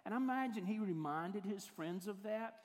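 A man's voice: high-pitched, expressive, moderate pace. A male pastor, giving a conversational sermon full of acted-out quotes. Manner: conversational storytelling, acts out quoted voices. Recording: hall reverb.

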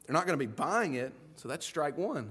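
A man preaching a sermon as pastor, in a lively, folksy way, often acting out the voices of the people in his story. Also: fairly high pitch, brisk, breathy edge.

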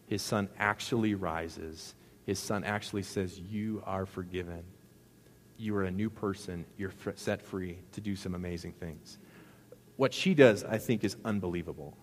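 A middle-aged male pastor delivers a relaxed, humorous sermon, talking with the congregation and tossing rhetorical questions at them. His voice sits low. It rings out with a long reverb from a large church hall. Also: moderate pace, a little hiss or hum. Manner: conversational, jokey preaching with rhetorical questions. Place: church sanctuary.

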